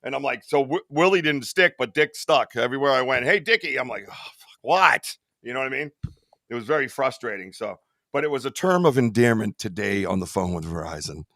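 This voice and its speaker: A man hosting a live podcast in casual, rambling chat. His voice is bright and forward, with loose swearing and laughter at his own stories. The mic is close and dry, with no room sound. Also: medium pitch, lively intonation, a little fast, no echo. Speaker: podcast host.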